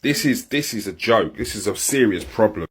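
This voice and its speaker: A man's voice: on the low side, expressive, normal speed. A man complaining with outrage about prices, repeating himself for emphasis. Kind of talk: indignant rant to camera.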